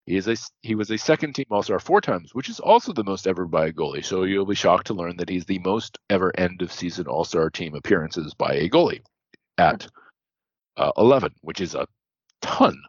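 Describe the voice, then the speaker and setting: Low-voiced guy on a podcast reading off stats, keeps correcting himself, dull dry sound. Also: lively intonation, fairly quick, slightly rough, no room sound. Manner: reels off statistics, corrects himself mid-sentence. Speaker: podcast co-host. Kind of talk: casual stats-heavy podcast chat.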